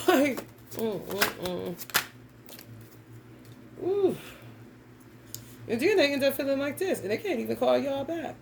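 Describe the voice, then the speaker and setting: A woman's voice: sits high, expressive, slow, gravelly, long pauses, background noise. A young adult woman giving a casual tarot reading, talking bluntly and emphatically with plenty of cursing and slang. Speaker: tarot reader.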